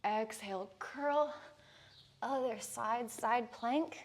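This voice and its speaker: A woman yoga instructor calmly cueing breaths and poses through a guided class. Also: fairly high pitch, slow pace.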